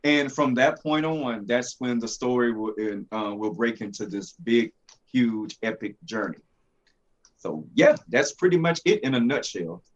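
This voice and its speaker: A man's voice: medium pitch, animated, a little slow. Male comic creator on dull, lo-fi audio. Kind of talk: interview answers, reading a story blurb.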